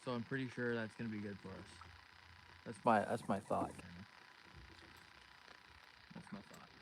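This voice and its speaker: A man's voice: lowish voice, fairly even intonation, brisk, vocal fry, poor audio. A man hosting a live fishing stream from a boat outdoors, chatting casually and greeting viewers by name. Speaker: fishing livestream host. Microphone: phone streaming live. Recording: wind and outdoor noise.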